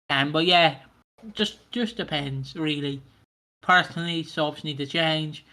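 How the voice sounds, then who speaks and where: Man, podcast host, fairly high voice, bright tone, joking, rambling. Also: a little slow. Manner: jokey, rambling, sweary. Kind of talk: casual podcast chat.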